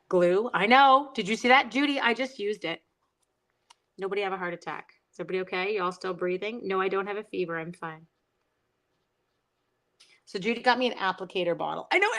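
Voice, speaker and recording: A woman's voice: medium pitch, a bit bright, rough recording. A middle-aged woman hosting a casual crafting livestream, chatting and teasing herself while answering viewer comments.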